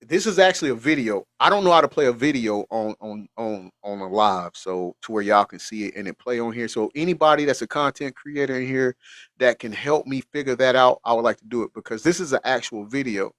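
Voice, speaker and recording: A middle-aged man hosts a casual livestream, speaking earnestly and repeating his words for emphasis. His voice sits at an ordinary pitch and keeps choking with emotion. The sound is close and dry, with no room echo. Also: a little fast, fairly bright tone. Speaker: livestream host.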